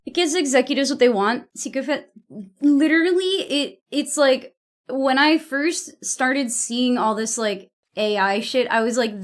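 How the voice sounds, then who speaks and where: Chatting casually with her stream viewers, this high-voiced young woman from the US East Coast keeps a measured pace. Her talk wanders, she curses openly and bluntly, and she frequently breaks off to restart what she was saying.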